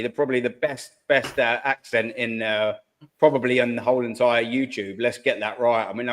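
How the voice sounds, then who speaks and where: A man hosting a live fan call-in stream, chatty and slangy, swearing freely and calling everyone mate. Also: medium pitch. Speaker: host of a fan call-in show. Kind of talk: casual live-stream chat.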